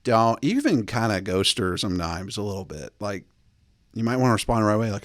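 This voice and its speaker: A man's voice: big pitch swings, brisk, a bit bright, dry recording. A male host giving blunt, bossy dating advice in a casual monologue, close to the mic. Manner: blunt, bossy, mocks texts in a high put-on voice.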